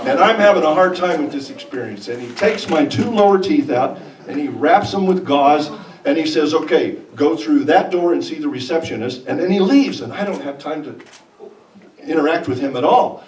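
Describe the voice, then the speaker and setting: Animated male storyteller in a hall. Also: a little high, normal speed, a little hiss or hum. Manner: animated, comic, breaks into laughter. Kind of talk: live personal storytelling. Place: stage in a performance hall. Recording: echoey hall, distant mic, audience. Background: audience laughter.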